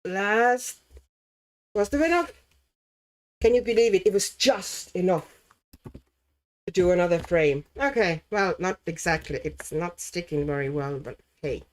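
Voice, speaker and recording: A woman hosts a relaxed livestream and chats while she colours. She talks at an unhurried, slow pace, greets viewers by name, and thinks aloud as she works. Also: fairly low pitch. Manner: chatty, laughs often, reads chat names aloud; muses aloud while working. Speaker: livestream host. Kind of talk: casual chat while colouring.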